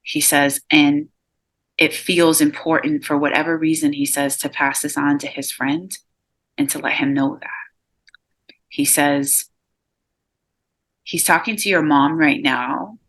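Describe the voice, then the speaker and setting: A woman medium giving a live reading over a video call, relaying messages with a steady run of "he says" and many fillers. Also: low-pitched, slow pace, pauses often. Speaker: psychic medium.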